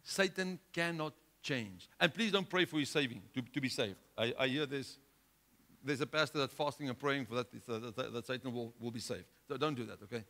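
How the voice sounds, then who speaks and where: A male pastor preaching a sermon, driving his points home with rhetorical questions and swinging between loud outbursts and hushed lines. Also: mid-range voice, fairly quick.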